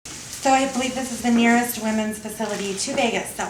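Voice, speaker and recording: A woman's voice: on the high side, steady tone, brisk, slight background noise. A woman who runs an escort agency, talking candidly and casually on camera for a documentary, swearing freely as she tells her stories. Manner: casual, profane storytelling. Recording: roomy sound with music behind. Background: music.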